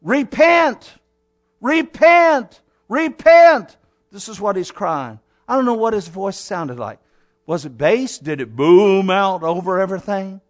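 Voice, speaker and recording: A man preaching a sermon, emphatic, asking rhetorical questions and swinging between loud declarations and low, quiet lines. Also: expressive, normal speed. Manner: emphatic, rising to near-shouts and dropping low, with rhetorical questions.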